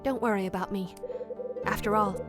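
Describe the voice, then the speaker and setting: A woman reading the lines of a gentle young woman about to flee, in a soft, quiet, earnest voice over game music. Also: mid-range voice, steady tone, normal speed, lightly acted. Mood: resolved. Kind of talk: reading game dialogue aloud.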